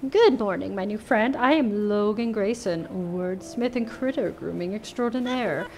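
A woman's voice: medium pitch, normal speed, a little mellow, lightly acted. A woman voicing a flowery, bookish male wordsmith in a cozy game, with grand, formal wording. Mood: grandiose.

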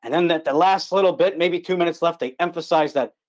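A man with a fairly high voice preaches a gospel sermon to listeners on an online call. He is earnest and emphatic, hammering home key words through repetition. His pitch swings between lifted stresses and low, quiet drops. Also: fairly quick.

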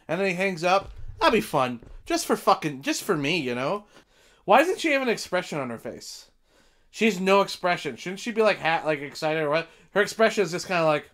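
A young man hosting a live stream from home, chatting casually as he reacts to a film, excitable and profane, now and then breaking into shouts. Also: sits high, normal speed. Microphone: desk mic with headphones.

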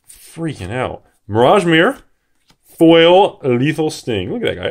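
A young man giving excitable unboxing commentary, swearing and shouting in disbelief. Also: medium pitch, unhurried, a little hiss or hum. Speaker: card box opener.

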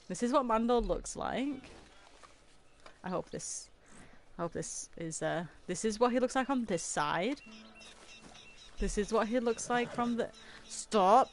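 A woman's voice: fairly high pitch, a little hiss or hum. A woman streaming a game from her room, chatting and giggling with her viewers. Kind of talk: casual livestream chat while playing. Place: her own room at home.

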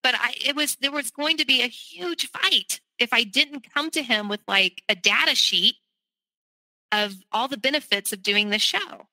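A woman, telling her personal story as a podcast guest in a vivid, animated way. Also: high-pitched, moderate pace, dry recording, rough recording. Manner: animated, vivid retelling with quoted voices.

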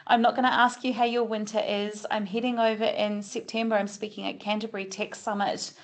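A woman's voice: medium pitch, flat delivery, a little fast. A middle-aged woman from New Zealand with a slight Kiwi accent, co-hosting an online community call in a chatty way, thinking aloud with small restarts. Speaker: co-host of a community video call. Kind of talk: casual online meeting chat. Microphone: video call.

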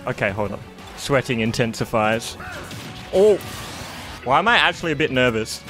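A young man giving excitable live gameplay commentary, laughing often and shouting at big moments. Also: medium pitch, a little fast, faint music behind. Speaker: gaming YouTuber.

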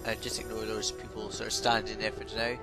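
A man's voice: on the low side, monotone, fairly quick, low-quality recording. A man casually rambling through game commentary, offhand and prone to swearing. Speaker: gaming let's play host. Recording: voice over game music.

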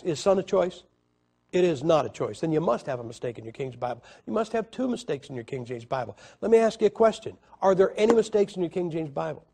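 A man preaching a sermon, telling a story with many halting restarts and swings from loud to quiet. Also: fairly high pitch, breathy edge. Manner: halting, repeats words and restarts. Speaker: evangelist preacher.

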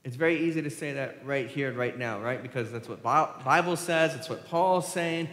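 A man's voice: mid-range voice, moderate pace, fairly bright tone. A male pastor preaching a sermon, asking the congregation questions and answering them. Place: church sanctuary. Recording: roomy church hall with long reverb.

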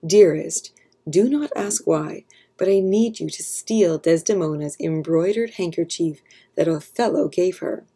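A woman's voice: lowish voice, measured pace, warm tone, breathy edge. A woman doing a sly scheming soldier. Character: scheming adult male officer, sly.

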